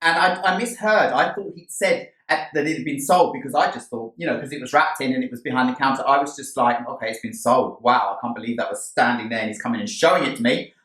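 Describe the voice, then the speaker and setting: A man vlogging about a plant he bought, gushing and excited as he tells the story and shows it off. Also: medium pitch, fast talker, hardly any pauses. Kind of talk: casual haul video. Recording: roomy sound from a distant mic.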